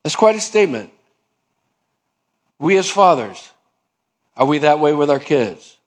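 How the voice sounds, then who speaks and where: A man's voice: sing-song, unhurried. Preaching man acting out little dialogues. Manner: emphatic preaching, acts out dialogues with shifting pitch. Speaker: pastor. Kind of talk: sermon.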